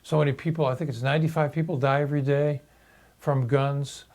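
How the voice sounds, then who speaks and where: A man in his sixties telling a personal story in a halting, reflective video monologue. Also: mid-range voice, steady tone, a little mellow. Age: 60s. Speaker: video blogger.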